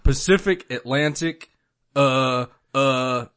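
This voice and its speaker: A man's voice: mid-range voice, takes it slowly, a bit bright, smooth. A young man from Florida, co-hosting a podcast in casual chat, rambling with laughs and crude asides. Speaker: podcast co-host.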